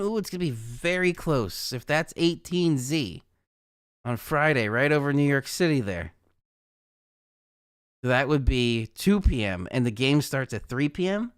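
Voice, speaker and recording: A man's voice: on the high side, clean tone, no room sound, studio quality. A young adult man hosting a live weather stream, talking casually through forecast maps and laughing at his own asides. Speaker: weather livestream host.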